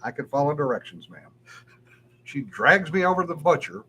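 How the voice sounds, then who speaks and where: A man's voice: on the high side, sing-song, brisk, sharp tone, slight background noise. A man telling a story in casual chat as a podcast co-host, easygoing and chuckling often.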